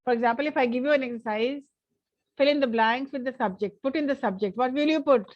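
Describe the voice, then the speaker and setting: A woman's voice: high-pitched, fast, highs cut off. A woman with an Indian English accent teaching a grammar workshop in an online class, explaining step by step and switching between English and Hindi. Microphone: online class recording.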